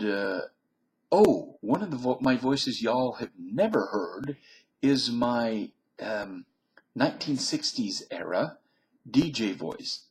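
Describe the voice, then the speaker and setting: A Southern US man in his fifties, a video blogger, spins folksy, wandering stories in a relaxed monologue, drawing out his phrases. His voice is on the low side, and the recording quality is poor.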